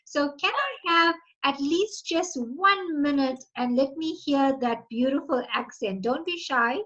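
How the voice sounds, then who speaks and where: A woman host interviewing children over a video call, speaking slowly and encouragingly. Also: high-pitched. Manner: encouraging, slow and gentle. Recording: slightly dull lo-fi call audio.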